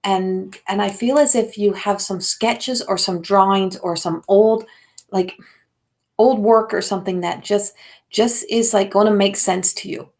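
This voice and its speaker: A woman's voice: mid-range voice, fairly even intonation, a little slow, darkish tone. Older lady doing live spiritual card readings, rambly, lots of ums and likes, keeps saying people's names. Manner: rambling, filler-heavy, addresses viewers by name. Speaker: intuitive card reader.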